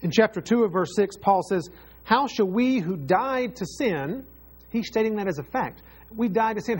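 Guy preaching a sermon, kinda high and husky, earnest, says stuff twice for emphasis. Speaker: pastor.

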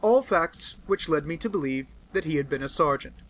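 A man voicing an aloof, brusque male detective in an audiobook, speaking in a crisp, lecturing manner. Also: fairly high pitch, lively intonation, normal speed, natural voice, low-quality recording. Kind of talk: audiobook character reading.

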